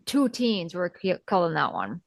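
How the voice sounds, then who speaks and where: A woman co-hosting a casual movie podcast, relaxed, chiming in with short recaps. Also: on the low side, moderate pace, vocal fry, no room sound. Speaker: podcast co-host.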